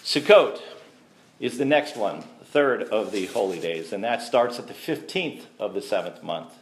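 A man's voice: fairly low pitch, animated, moderate pace. A man teaching a sermon to a congregation, conversational and asking the listeners questions. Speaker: messianic teacher. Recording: echoey room.

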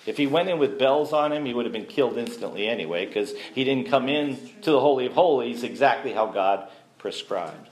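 In an echoey room, a man teaches a sermon to a congregation in a conversational way, putting questions to his listeners. This messianic teacher has a medium-pitched voice with lively intonation and a brisk pace.

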